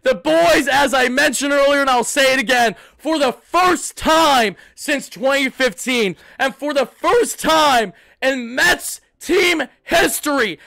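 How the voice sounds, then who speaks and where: A man hosting an emotional postgame livestream, shouting with excitement and fighting back tears. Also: extremely high pitch, takes it slowly, creaky, hardly any pauses, no room sound. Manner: excitable, shouting, swings between yelling and hushed emotion. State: close to tears. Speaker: sports fan livestream host.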